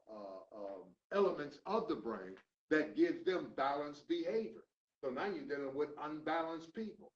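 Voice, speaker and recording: An older man teaching a recovery class, lecturing in a preachy way and swinging between loud emphatic questions and low mutters. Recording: roomy, distant, dull lo-fi room recording.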